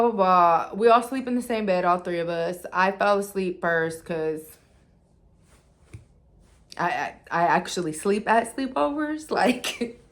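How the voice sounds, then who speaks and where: A woman telling a storytime in a casual, animated way, leaning on "like" and acting out what people said, while she is losing her voice. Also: mid-range voice. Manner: animated, heavy use of "like", acts out quotes.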